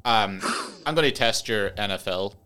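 A man's voice: fairly low pitch, moderate pace, bright, forceful tone. A young man with a Donegal Irish accent, half Northern Irish, chatting casually as podcast host, rambling and swearing with frequent laughs. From Ireland, Donegal border area. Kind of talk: casual chat.

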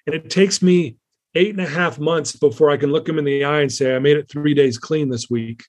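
A man speaking as an interview guest, slightly higher-pitched than most men. He tells his story earnestly and candidly, circling back with fillers and restarts as he goes. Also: steady tone, fairly quick.

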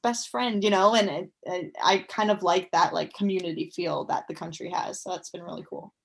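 A woman's voice: on the low side, steady tone, a little fast, vocal fry. A young woman in her twenties, chatting as a guest in an interview, upbeat with lots of fillers. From United States. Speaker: guest, professional athlete. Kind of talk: casual interview chat.

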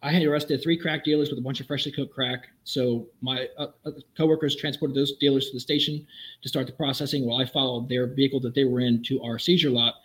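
A man's voice: medium pitch, steady tone, a bit bright, poor audio. A middle-aged man, a former police officer, tells wry and vivid stories of the job in a conversation. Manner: brisk, vivid, wry storyteller. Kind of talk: anecdotal storytelling in a conversation.

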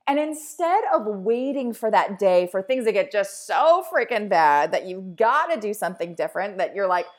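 A woman in her thirties hosting a podcast, talking to listeners in an emphatic, repetitive pep-talk style. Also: a little high. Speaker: podcast host. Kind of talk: motivational podcast monologue.

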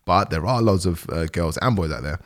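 A man hosting a podcast interview in a relaxed, conversational way, acting out the quotes he repeats. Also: fairly quick. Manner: animated, acts out quotes with big jumps in pitch. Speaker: podcast host.

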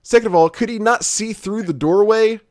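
A man's voice: sits high, fairly quick, a little mellow. A man hosting a casual chat, rambling and swearing freely with many restarts. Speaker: podcast host.

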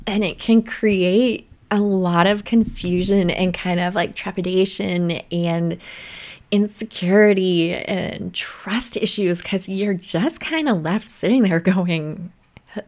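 Slow-talking, casual woman podcast host. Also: mid-range voice, darkish tone. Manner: chatty, swears freely, playful and dramatic. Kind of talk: casual solo podcast chat. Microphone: podcast microphone.

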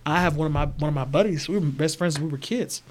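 A man with a slightly high voice co-hosts a podcast in easy, casual chat. He talks earnestly and slips into lively acted-out voices when he quotes people. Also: fast, slight background noise. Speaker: podcast co-host.

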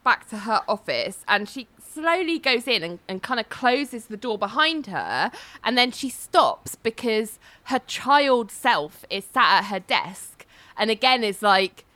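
A woman's voice: a little high, very animated, a little slow, sharp tone. A woman, casually retelling a TV episode as a podcast host, acting out the characters' lines with laughs. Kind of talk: casual chat.

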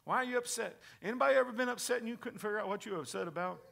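A man preaching a sermon to a congregation in church, reading scripture and swinging from hushed whispers to shouted passages. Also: high voice, rapid-fire, creaky.

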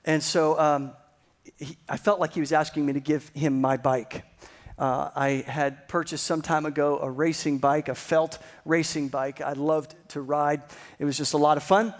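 A pastor telling a personal story in a sermon, building to excited emphasis. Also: male voice, fairly high pitch, moderate pace.

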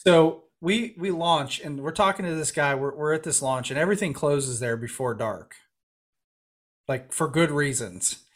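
On a podcast, a male guest with a fairly high voice spins a long fishing yarn at an ordinary pace in casual conversation. He tells it with real animation, acting out the voices of the people he quotes.

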